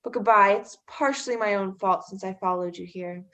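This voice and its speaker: A woman's voice: mid-range voice, fairly quick, a bit bright, dull audio, close to an everyday voice. A teenage girl acting as a hurt, jealous young woman in a school stage play, pleading and bitterly sarcastic. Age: teens. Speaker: student actor.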